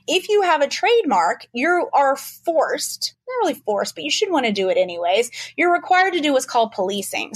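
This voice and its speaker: A woman lawyer explaining trademark issues quickly and animatedly in a casual podcast interview. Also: a little high, dry recording. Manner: fast-talking, animated, explanatory.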